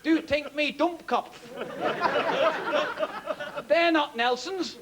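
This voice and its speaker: A stand-up comic doing a gruff German fella in a mock German accent, indignant and slow. He sounds higher and louder than the comic's own telling, with a roaring crowd behind him. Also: very noisy, exaggerated voice. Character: gruff German man shopping for relics.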